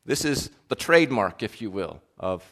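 Earnest low-voiced male pastor preaching. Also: very animated, normal speed, a bit bright. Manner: earnest, questioning, frequent fillers and restarts. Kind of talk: sermon.

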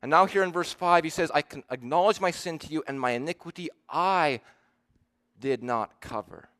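A man preaching a sermon, earnest and emphatic, slowing down to stress the verses he quotes. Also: fairly high pitch, fairly bright tone.

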